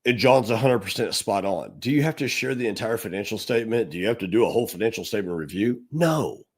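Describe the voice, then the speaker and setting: A middle-aged man co-hosting a podcast, telling an animated story and acting out the quotes. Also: fairly low pitch, fast, husky. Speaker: podcast co-host. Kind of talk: storytelling in casual podcast talk.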